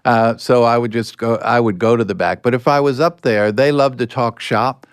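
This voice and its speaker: An older man, a podcast guest, telling anecdotes in a relaxed way and acting out bits of dialogue. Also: medium pitch, moderate pace, clear, resonant tone, no room sound, clean studio sound. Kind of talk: storytelling in a podcast interview.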